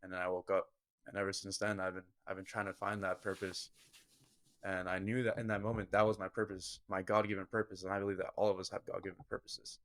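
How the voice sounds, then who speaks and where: A man's voice: deep voice, flat delivery, fast talker, a bit bright, no echo. A young man, a guest on a podcast, earnestly telling a personal story in vivid detail. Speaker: podcast guest, football kicker. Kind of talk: personal storytelling in a casual interview.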